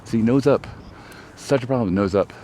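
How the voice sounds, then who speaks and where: A medium-pitched man from Texas, US, talks fairly quickly over a noisy background as he hosts a casual vlog outdoors on a disc golf course, rambling chattily and self-deprecatingly about his throws.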